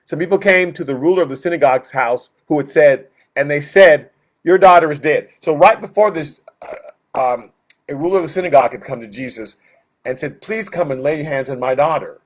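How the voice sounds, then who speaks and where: A man leading an informal Bible study, his voice sitting a little higher than most men's. He talks the passage through conversationally, with lots of filler words, and acts out the voices of the people in the story. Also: brisk.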